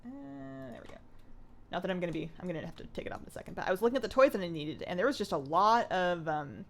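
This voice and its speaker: A woman's voice: on the low side, expressive, fast talker, creaky, slight background noise. A young adult woman from Canada, chatting casually while streaming a game and reading viewer comments aloud. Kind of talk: casual livestream chat while gaming.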